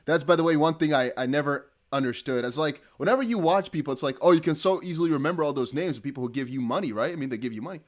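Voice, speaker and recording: Talking very fast with hardly any pauses, this young man from the Netherlands has a slightly high voice. He hosts a casual crypto livestream, reading out donations while chatting, laughing, and rambling with restarts.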